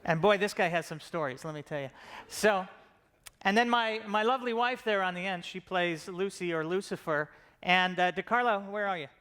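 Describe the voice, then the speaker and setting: A man's voice: high-pitched, moderate pace, pushed and bright, clean tone. A middle-aged man giving a casual, joking conference talk about his comedy show, self-deprecating and full of fillers and restarts.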